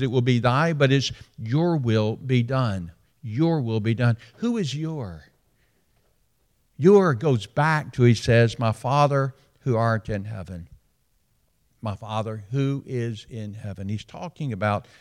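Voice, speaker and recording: A Southern pastor delivers a sermon in a mid-range man's voice. He leans on repetition, drops to a hush and then lifts his voice to drive a point home. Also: medium pitch. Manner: preacherly, repeats phrases for emphasis, swings between hushed and raised.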